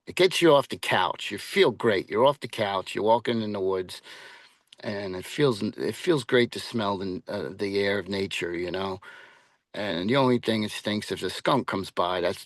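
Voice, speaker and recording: A man's voice: on the low side, moderate pace, no echo. A man being interviewed as a paranormal investigator, chatting casually and rambling, with lots of fillers and restarts.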